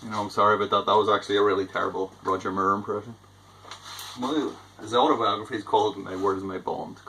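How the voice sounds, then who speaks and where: Gravelly, pushed and bright, the man's voice sits on the low side, with fairly even intonation and a quick pace. He's a homebrewer rambling chattily through a vlog and making fun of himself, captured in a rough recording with slight background noise.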